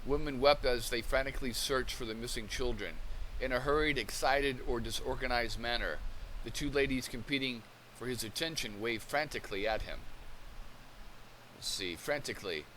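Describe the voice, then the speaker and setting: Speaking at a moderate pace with a sharp tone and medium pitch, a man hosting a channel reads out transcripts and definitions, thinking them through casually and frequently starting over. There's slight background noise.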